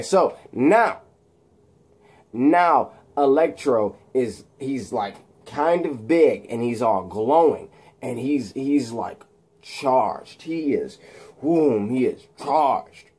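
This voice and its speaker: A man's voice: mid-range voice, expressive, normal speed, a little mellow, husky. A man casually retelling a made-up film plot in a rambling way. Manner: rambling, many fillers and restarts. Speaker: storyteller.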